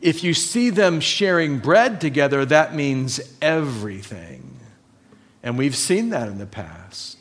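A man preaching a sermon in a somewhat high voice. He speaks emphatically, repeats his key points and checks in with his listeners with direct questions. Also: big pitch swings, slow. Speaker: pastor.

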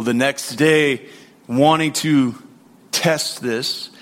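A man's voice: on the high side, fairly bright tone. A man in his forties preaching a sermon in a church, praying and telling stories in a conversational way, with many fillers and repeated words. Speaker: pastor. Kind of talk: sermon with prayer and anecdotes. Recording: long hall reverb.

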